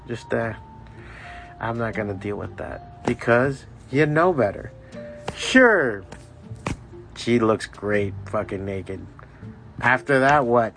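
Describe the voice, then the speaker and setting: A man's voice: on the low side, a bit bright. A man hosting a podcast, ranting in a rambling, heavily profane way and laughing at his own jokes. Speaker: podcast host. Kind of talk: profane solo podcast rant.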